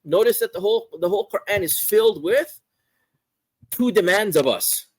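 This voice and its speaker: A man's voice: high voice, expressive, normal speed, slightly rough, no room sound, poor audio. A man explaining a religious text as a teacher, thinking aloud, often repeating and restarting words as he goes. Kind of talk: explaining a theology text in a class.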